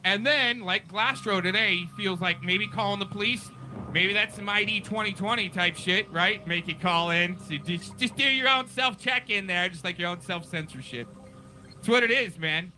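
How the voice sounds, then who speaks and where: A man's voice: sits high, moderate pace, sharp tone, soft background music, poor audio. A man hosting a live stream, rambling and conspiratorial as he talks over a replayed clip. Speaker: stream host. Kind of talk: casual commentary on a restreamed clip.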